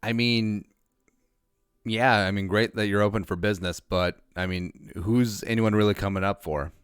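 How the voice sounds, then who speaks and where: A man hosting a casual livestream podcast, laid-back and wry, reading out viewer shout-outs with quick jokes. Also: fairly low pitch, steady tone, smooth, no room sound, clean studio sound. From Minnesota. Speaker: podcast host.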